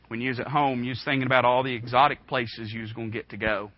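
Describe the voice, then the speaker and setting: A man in his twenties preaching a sermon in a church, impassioned, swinging from hushed tones to shouting. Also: medium pitch, little pitch movement, quick pace, hardly any pauses, no echo, dull audio. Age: 20s. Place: church room.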